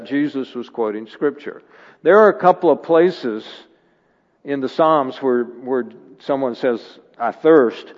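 A man preaching in a church sanctuary, earnest and building to emphatic bursts of conviction. His voice carries a long reverberant tail from the hall, and the recording is slightly dull and muffled. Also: medium pitch. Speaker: guest preacher. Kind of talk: sermon.

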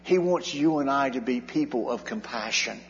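A man's voice: mid-range voice, expressive, normal speed, a little hiss or hum. A man preaching a sermon as pastor, earnest, with his voice rising and falling in volume for emphasis. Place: church sanctuary. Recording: dull sound in a long-reverb hall.

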